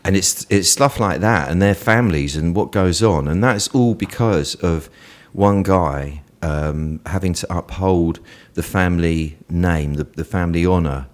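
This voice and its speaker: Deep-voiced man telling lively stories. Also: a little slow, hardly any pauses. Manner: lively storyteller who laughs often. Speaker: interview guest. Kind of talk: animated storytelling in casual conversation.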